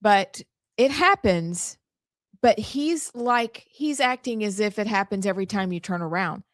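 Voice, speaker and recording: A woman's voice: mid-range voice, measured pace, no room sound, clean studio sound. A woman co-hosting a talk radio show, blunt and opinionated in casual chat, from the American South. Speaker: co-host.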